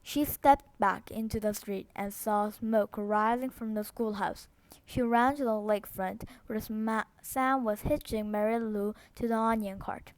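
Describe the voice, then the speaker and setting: A woman's voice: mid-range voice, fairly even intonation, a little slow, no echo. Novel reader: a woman, non-native in English, reading steadily with small stumbles, close and dry. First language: Korean. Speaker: book reader.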